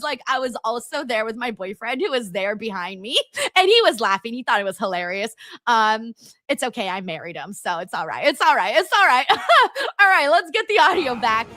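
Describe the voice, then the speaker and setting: A woman's voice: sits high, pushed and bright, dry recording. A woman in her twenties hosting a casual livestream chat, bubbly and giggly, repeating words for emphasis. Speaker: livestream host reading chat.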